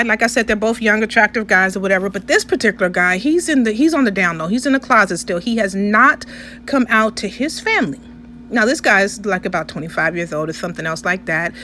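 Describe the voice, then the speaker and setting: A woman's voice: on the high side, bright, forceful tone, slight background noise. A woman vlogger doing a casual storytelling voiceover, chatty and often checking in with her listeners. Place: indoors, recorded separately from the restaurant footage.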